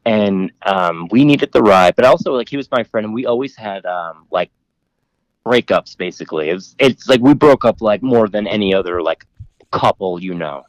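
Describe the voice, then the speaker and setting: A man in his thirties, a podcast guest rambling through a long story. He fills it with "like" and "um" and swears casually. His voice sits low and the recording is dry and close. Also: expressive, moderate pace, no echo, rough recording. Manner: rambling, filler-heavy, laughs often, profane.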